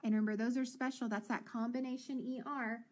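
A woman teacher leading a children's phonics lesson, encouraging and sounding out words slowly. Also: a little high, fairly even intonation, darkish tone.

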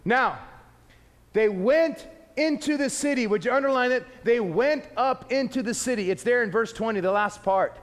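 Brief: male preacher, high-pitched and animated, long church-hall reverb. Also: moderate pace. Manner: animated, acting out little scenes. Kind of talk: sermon.

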